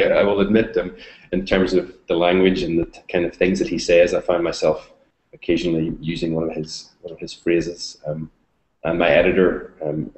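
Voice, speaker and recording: Man, low register, halting interviewee, echoey video-call sound. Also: darkish tone. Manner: hesitant, many ums and restarts. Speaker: novelist and book reviewer.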